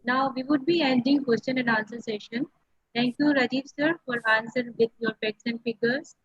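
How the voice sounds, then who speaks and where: A woman with a husky voice makes formal, courteous announcements as the webinar compere. Her pitch sits a little high, and the sound is dry and dull, like lo-fi audio. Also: moderate pace, dry recording.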